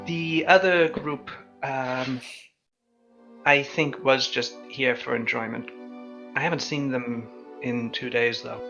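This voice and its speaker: A man taking part in a tabletop role-play game, talking in character with many pauses and fillers. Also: mid-range voice, steady tone, gravelly, dull audio, music in the background. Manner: halting, with many ums and uhs. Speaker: tabletop player.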